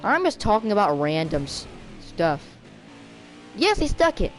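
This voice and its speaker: A woman giving rambling, self-mocking commentary while playing a racing game, with sudden excited outbursts. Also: medium pitch, measured pace, a little hiss or hum, rough recording. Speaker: gaming video creator. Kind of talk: rambling let's-play commentary.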